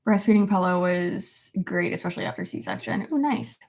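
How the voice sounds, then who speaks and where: A woman's voice: lowish voice, moderate pace, creaky, darkish tone. A young adult woman vlogger chatting casually at her desk at home and reacting to viewer comments, with lots of "like" fillers and casual swearing. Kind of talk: casual chat.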